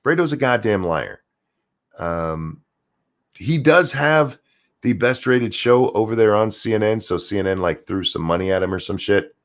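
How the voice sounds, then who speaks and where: Male streamer host, low-pitched, very animated intonation, profane sarcastic rant. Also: normal speed. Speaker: livestream host reading chat. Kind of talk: political rant livestream.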